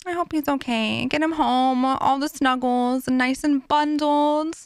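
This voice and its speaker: High-voiced chatty woman streamer. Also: a little slow, no echo, studio quality. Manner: chatty, filler-heavy, warmly sympathetic to viewers. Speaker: streamer reading chat. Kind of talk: casual live-stream chat.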